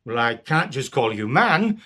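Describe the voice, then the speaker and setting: A man's voice: medium pitch, big pitch swings, unhurried, bright, forceful tone, full character voice. A man voicing a haughty English king with a pompous, commanding manner.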